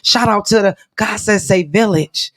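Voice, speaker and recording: A woman's voice: mid-range voice, normal speed, fairly bright tone. A woman co-hosting a casual interview show, speaking in a fervent, encouraging, sermon-like way. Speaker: talk show co-host.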